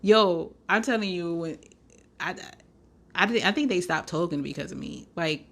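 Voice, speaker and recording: A young woman hosting a podcast, telling a story in a sassy, animated way with lots of slang and laughter. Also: fairly low pitch, moderate pace, creaky. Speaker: podcast host. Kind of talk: casual storytelling.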